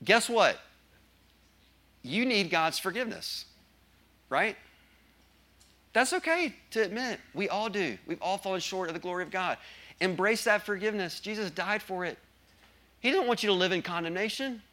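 Bright-voiced man preaching emphatically. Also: sits high, animated, normal speed, pauses often. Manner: emphatic, asks the congregation questions. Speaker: pastor. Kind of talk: sermon.

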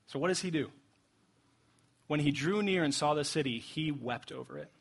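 Man, young adult pastor, slightly high voice, husky, conversational animated sermon, laughs between points. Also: moderate pace. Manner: animated, conversational preaching with frequent laughs and acted-out quotes.

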